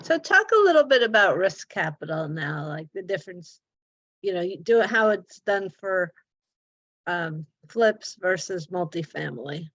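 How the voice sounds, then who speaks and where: A woman host asking a question, halting as she searches for words. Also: fairly low pitch, big pitch swings, a bit bright, dry recording, dull audio. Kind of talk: interview question.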